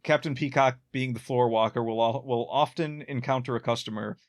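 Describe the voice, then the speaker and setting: A man in casual conversation about an old sitcom, his voice sitting in a middle pitch. He wanders through his points with lots of restarts and chuckles at his own jokes. The tone is relaxed and conversational. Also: fairly quick. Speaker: podcast co-host.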